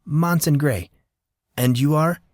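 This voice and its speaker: A man's voice: on the high side, slow pace, darkish tone, no room sound, clean studio sound, voice pushed up. A man voicing an awkward, nervous fourteen-year-old boy who stammers and hesitates. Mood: flustered.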